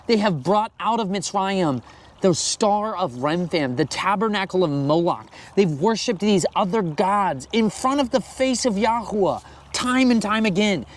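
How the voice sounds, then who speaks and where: A man reading scripture aloud and then commenting on it in a conversational, animated sermon style. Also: high voice. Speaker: Bible teacher.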